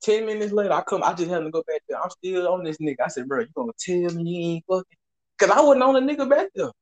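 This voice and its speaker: A man with a Southern US accent telling a story in casual chat, animated and profane, acting out what people said. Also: sits high, fast. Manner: animated, profane, acts out quotes. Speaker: storyteller host.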